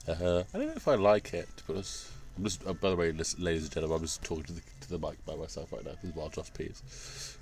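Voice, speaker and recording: Laughing, swearing podcast co-host. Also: male voice, sits low, animated, a little fast. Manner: joking, laughing often, swearing. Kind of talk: casual crude banter. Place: outdoors in a garden.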